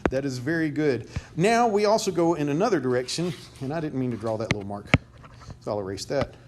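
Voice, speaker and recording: A man's voice: medium pitch, expressive, a little fast. Man, chemistry lecturer, classroom lecture, quizzes students, joking asides, noisy classroom recording.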